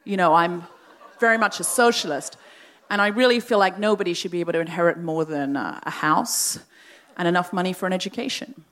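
A man's voice: high-pitched, a little fast, a bit bright. A woman playing a smarmy male Hollywood actor who is trying hard to impress a student crowd. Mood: smug.

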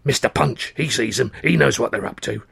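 A man voicing an excitable older seaside father who talks in urgent, conspiratorial bursts and jumps into high, fussy tones. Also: brisk, vocal fry, slightly rough, dry recording, heavily acted. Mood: urgent, secretive.

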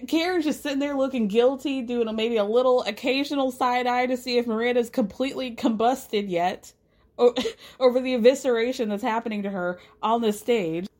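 A woman hosting a podcast, recapping a TV show in a casual, profane, animated way and laughing often. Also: on the high side. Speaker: podcast host.

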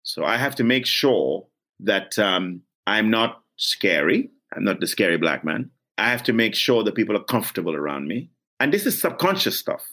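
Male actor from Gambia, low-ish voice, blunt and earnest, candid interview guest. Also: big pitch swings, normal speed, bright, forceful tone. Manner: blunt, earnest, self-reflective. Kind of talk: candid reflective interview talk.

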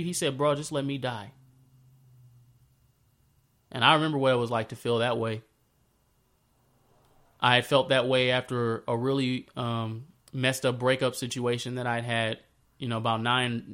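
A man talking in a loose, slangy way as he retells an old story and ties it to his own life. His voice sits at an ordinary middle pitch, and his delivery turns lively when he acts out the scenes. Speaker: speaker sharing a faith story. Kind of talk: casual spoken reflection.

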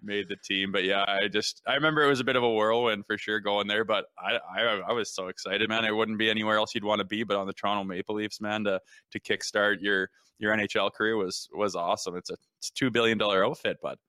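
A man co-hosting a sports show, a former pro player telling stories in a relaxed, casual way. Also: lowish voice, quick pace, few pauses, clear, resonant tone, dry recording, clean studio sound. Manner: laid-back, storytelling, frequent "man" and "hey".

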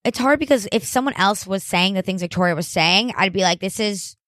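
A woman's voice: mid-range voice, expressive, brisk, a bit bright, no room sound, studio quality. A woman co-hosting a podcast in casual recap chat, blunt and casually swearing. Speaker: podcast co-host.

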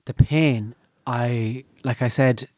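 An Irish man telling a rambling, exaggerated comic story in casual chat, deadpan in manner. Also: mid-range voice, takes it slowly, dry recording.

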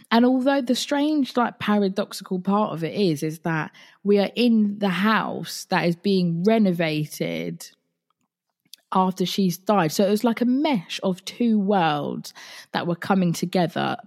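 A woman's voice: on the low side, a little mellow. A woman podcast host, candidly retelling a personal dream in a chatty, casual way with some swearing. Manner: recounts a dream in the present tense.

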